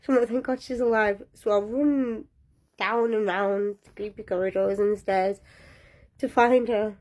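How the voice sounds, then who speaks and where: A young woman telling a personal story in a casual, lively way, often breaking into laughter. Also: medium pitch, a little slow.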